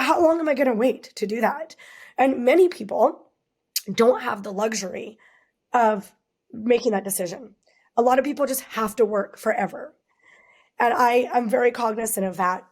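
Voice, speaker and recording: A woman in her forties from Canada, a podcast guest speaking candidly and rambling, with lots of "like.". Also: a little high. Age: 40s. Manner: candid, rambling, leans on filler "like". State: tearful at times.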